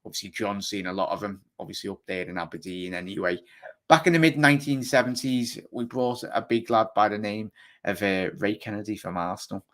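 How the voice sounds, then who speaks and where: Chatty Liverpool-accented football host. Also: male voice, lowish voice, fairly even intonation, a bit bright. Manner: chatty, fast, rambling with many fillers. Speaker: fan channel host. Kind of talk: live football chat reading viewer comments.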